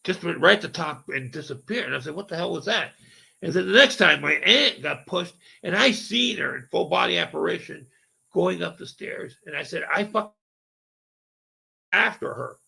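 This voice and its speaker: A man's voice: a little high, lively intonation, moderate pace, vocal fry, sharp tone, breathy edge. A man rambling through a personal ghost story in casual talk, profane and full of fillers like "right?" and "okay?". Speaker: paranormal storyteller.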